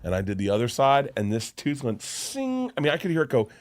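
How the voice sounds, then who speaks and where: A man telling a wild story on a podcast, animated and acting out the voices of people in it. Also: medium pitch, fairly quick, no echo.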